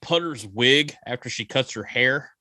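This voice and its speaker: A man's voice: medium pitch, animated, a little slow, pushed and bright, dry recording. A man, co-hosting a casual movie review podcast and rambling with jokes and fillers. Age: 40s. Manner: rambling, jokey, many ums and uhs. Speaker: podcast co-host.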